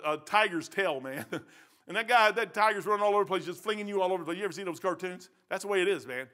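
An older pastor with a Midwestern American accent preaches a sermon. His voice sits high, and he talks in a folksy, emphatic way, repeating phrases to drive a point home. The tone is bright and forceful. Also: quick pace.

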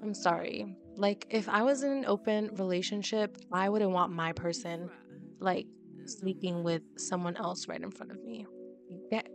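Woman let's play host, mid-pitched, chatty and dramatic, faint game music behind. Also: moderate pace. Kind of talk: casual gameplay commentary.

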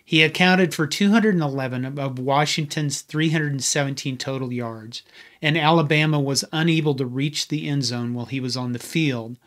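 A man's voice: a little high, normal speed, fairly bright tone. A man hosting a history channel, giving a scripted narration with conversational, wry asides.

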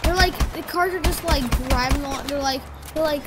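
Excitable high-voiced woman gamer. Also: brisk, hardly any pauses, over loud music. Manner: chatty, rambling, excitable, breaks into yelps. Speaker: gaming commentator. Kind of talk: casual gameplay commentary. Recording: loud background noise.

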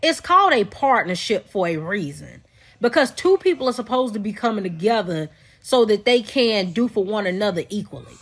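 A woman speaking in a preachy, lecturing tone, as in a social media clip. Her voice sits at a middle pitch. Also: big pitch swings, moderate pace, husky.

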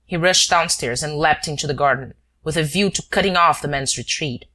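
Low-voiced woman narrating an audiobook. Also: brisk, pushed and bright. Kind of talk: scripted narration.

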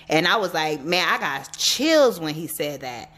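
A female psychic reader and life coach, her voice sitting low and a little slow, talks chattily to her viewers during a reading, addressing them directly and spinning animated stories.

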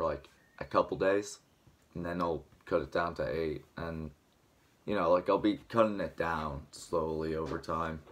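Early in the morning at home, a young vlogger with a dry throat, still waking up, rambles casually to camera and relies on fillers. His voice is low with a fairly bright tone.

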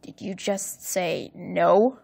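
A woman putting on a loud, gruff bully of a stepfather, barking orders and threats in a storybook reading. He snarls and yells, raising his voice well above the narration. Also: medium pitch, moderate pace. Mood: menacing.

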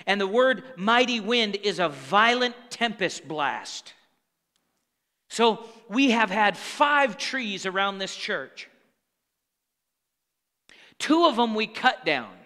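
With a sing-song delivery, a pastor preaches slowly and pauses often, his voice high, bright, and ringing. He speaks conversationally to the congregation with call-and-response asides, and the church sanctuary adds a long hall reverb.

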